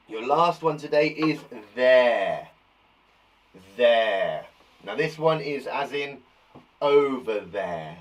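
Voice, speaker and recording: A man teaching young children to spell, his voice a little higher than most men's and swinging up and down all the time. He reads out each word slowly and clearly and keeps encouraging the class in a cheerful way. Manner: cheerful, encouraging, slow and clear dictation of words. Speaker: primary school teacher. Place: garden shed.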